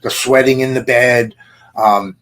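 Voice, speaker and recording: A man in his forties, a podcast guest, giving an earnest personal testimony in halting, present-tense storytelling. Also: mid-range voice, steady tone, fairly bright tone, rough recording.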